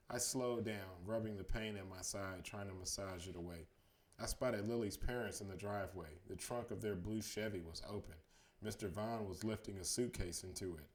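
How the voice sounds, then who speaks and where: A man reading a children's chapter book aloud as a bedtime story, steady in the telling and livelier on the quoted lines. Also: lowish voice, moderate pace.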